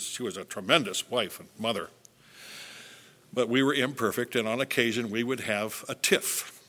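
An older man, a pastor, preaching a sermon and telling stories, acting out the quoted lines. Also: medium pitch. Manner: animated storytelling, acts out quotes.

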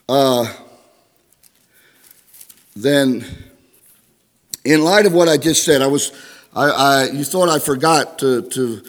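A man preaching a sermon, swinging between loud exhortation and hushed storytelling. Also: a little high, big-room sound.

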